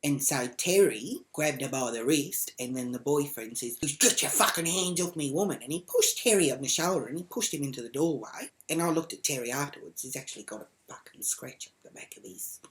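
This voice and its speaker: A woman's voice: rumbling low, animated, a little fast, hardly any pauses. A woman ranting to camera in a brash, foul-mouthed comic character. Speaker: comedy vlogger in character.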